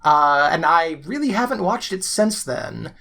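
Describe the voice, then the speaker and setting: Chatty podcast co-host, mid-pitched voice. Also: animated, a little slow, sharp tone. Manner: chatty, many fillers and laughs. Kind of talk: casual podcast discussion.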